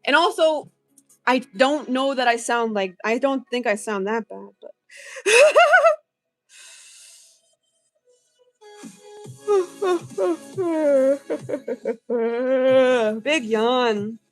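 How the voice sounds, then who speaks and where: A woman's voice: high voice, drawn-out words, long pauses, faint music behind. A woman hosting a casual livestream of card pack openings, chatting with viewers and reacting with gasps. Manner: chatty, reads chat aloud, yawning, excitable gasps. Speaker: livestream card-breaking host.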